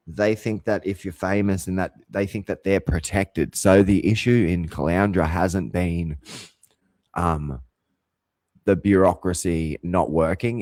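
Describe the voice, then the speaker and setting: A man's voice: sits low, darkish tone, dry recording. A man hosting his own show, talking in a heated, profane, rambling monologue full of restarts and swearing. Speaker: show host.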